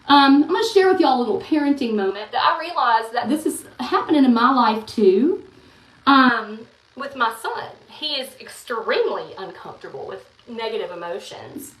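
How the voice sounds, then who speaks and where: A woman talks candidly in a casual confessional vlog, in a voice pitched a touch high. She sits back from the mic, and the room rings around her words. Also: expressive, moderate pace, fairly bright tone. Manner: candid, frank, earnest. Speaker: online content creator. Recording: roomy, some distance from the mic.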